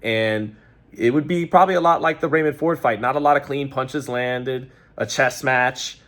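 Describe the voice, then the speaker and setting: A New man reacts to a boxing match in a loose, conversational way. He rambles, corrects himself mid-sentence and leans on fillers. His voice sits at a medium pitch. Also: normal speed, fairly bright tone. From New York. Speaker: boxing commentator. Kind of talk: casual fight-reaction commentary.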